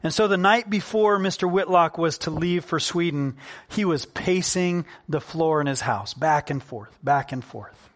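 A man preaching a sermon in an earnest, conversational way, slowing down to stress key points. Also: on the high side. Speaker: pastor.

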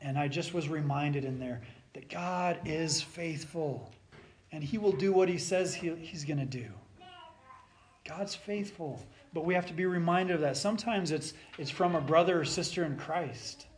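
A man preaching a sermon, swinging between loud urging and soft near-whispered passages. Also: on the high side, moderate pace, slight background noise.

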